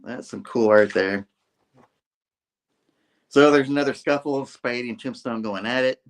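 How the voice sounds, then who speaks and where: A man hosting a comic book review, retelling the story with animated, acted-out storytelling. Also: medium pitch, unhurried. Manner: animated storytelling, acts out scenes, laughs often. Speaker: host.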